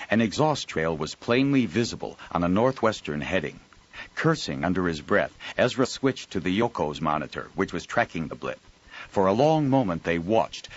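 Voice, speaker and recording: A man narrating an audiobook in an even storytelling delivery. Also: sits low, husky, highs cut off. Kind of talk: scripted narration.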